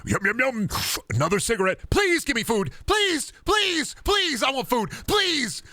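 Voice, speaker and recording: A man voicing a starving, whiny game villager who pleads desperately for food in a shrill tone. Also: sing-song, measured pace, sharp tone, no echo, full character voice. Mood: begging.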